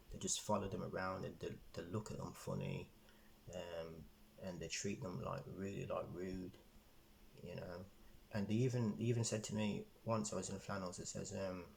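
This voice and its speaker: A man's voice: low voice, creaky, a little mellow, a little hiss or hum, rough recording. A man telling a rambling storytime vlog, repeating himself with lots of fillers. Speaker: vlogger.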